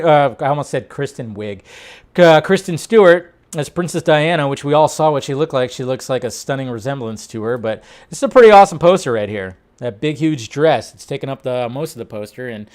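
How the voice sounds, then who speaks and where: A man's voice: on the high side, clean tone. Chatty man riffing on movie news. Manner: chatty, rambling, quick bursts of disbelief. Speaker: host. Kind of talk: casual chat about film news.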